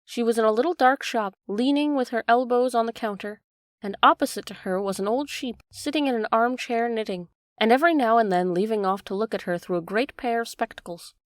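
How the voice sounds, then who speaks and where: A woman narrating a classic storybook in a steady, even reading. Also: fairly high pitch, brisk, no room sound, studio quality.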